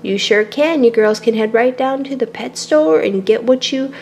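A woman voicing a calm, kindly father bunny in a toy play-acting video, gentle and measured. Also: fairly high pitch, slight background noise, lightly acted.

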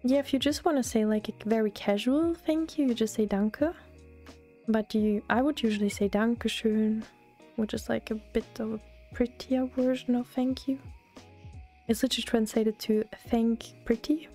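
A young German woman with a German accent, chatting softly and often half-whispering in a relaxed ASMR gaming stream, close to the mic. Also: fairly high pitch, moderate pace. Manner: often half-whispered, relaxed, answers chat between gameplay. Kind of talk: soft-spoken ASMR gaming stream chat. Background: faint lo-fi music.

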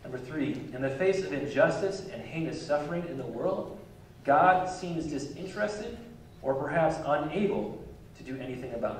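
A man's voice: mid-range voice, a little hiss or hum. A man preaching a sermon as pastor, conversational and easygoing, with light chuckles between his points. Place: church sanctuary. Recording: echoey church hall from far off mic.

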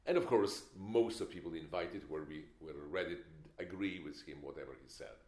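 A man's voice: low voice, a little fast, darkish tone. An older man giving a film masterclass, opinionated and emphatic, with wry stories. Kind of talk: masterclass lecture. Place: lecture hall. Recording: echoey lecture hall.

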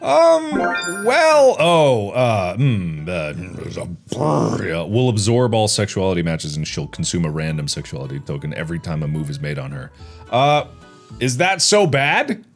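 A man in his thirties hosting a casual gameplay video, joking around and yelling at setbacks. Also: medium pitch, very animated, measured pace, soft background music. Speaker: gaming video host. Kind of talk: casual let's-play commentary.

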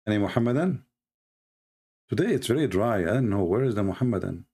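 A man's voice: on the low side, animated, fast, dark tone, slightly rough. A man hosting a live stream. He delivers sarcastic, mocking commentary.

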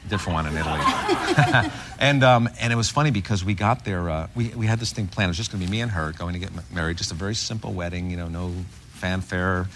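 A man's voice: low-pitched, fast. A middle-aged man, a talk show guest, telling an anecdote with a lot of laughter in his voice. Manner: animated, laughing through punchlines. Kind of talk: anecdotal storytelling. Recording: noisy TV studio recording.

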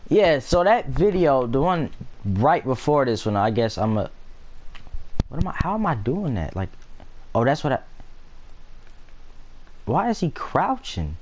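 A man's voice: mid-range voice, very animated, measured pace, long pauses, darkish tone, a little hiss or hum. A young man chatting casually and profanely while playing a video game, rambling between stories and asides. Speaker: gameplay vlogger. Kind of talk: casual gaming commentary.

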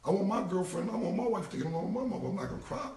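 A man's voice: sits high, sing-song, very fast, dark tone. A forty-year-old man, talking bluntly and repetitively in heavy slang as an interview guest. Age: 40s. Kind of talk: casual interview talk. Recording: roomy, distant from the mic.

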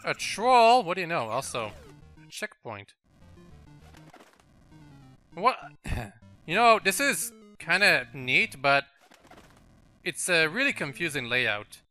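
A man's voice: a little high, big pitch swings, takes it slowly, pauses often, bright, forceful tone, faint music behind. A man with a French accent hosting a game video, chatting and laughing through casual let's-play commentary aimed at the level maker. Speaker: gaming channel host.

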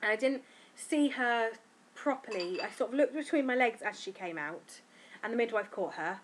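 Woman in her 30s, sleep-deprived new mum, frank giggly vlog chat, highish voice, faint room hum. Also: animated, normal speed. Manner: chatty, frank and giggly, acting out quotes. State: tired from lack of sleep. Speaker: new mother telling her birth story. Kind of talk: casual vlog storytelling.

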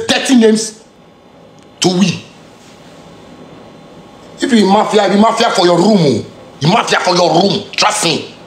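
A man's voice: high voice, a bit bright, roomy sound, slight background noise. A man with a Ghanaian Pidgin English accent delivering a heated, confrontational rant full of street slang and repeated phrases. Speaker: musician. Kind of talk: angry direct-to-camera rant.

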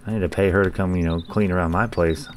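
A man's voice: low voice, fairly even intonation, fast, a little hiss or hum. A man hosting a gaming channel, giving profane, joking let's-play commentary and talking back to the characters on screen.

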